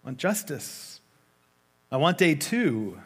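A man preaching a sermon in a conversational way, retelling a story with lively asides. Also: fairly high pitch, takes it slowly, husky.

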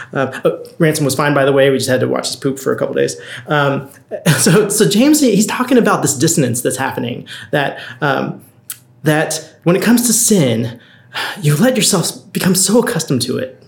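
A man's voice: on the high side, gravelly. A man in his thirties preaching a conversational sermon, earnest and storytelling, often restarting his sentences. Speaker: pastor. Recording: roomy echo.

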